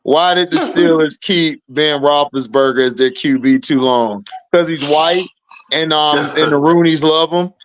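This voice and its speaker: High-voiced animated man talking football. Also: a little slow, background noise. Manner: animated, emphatic, slangy. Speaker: podcast host. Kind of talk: casual sports talk.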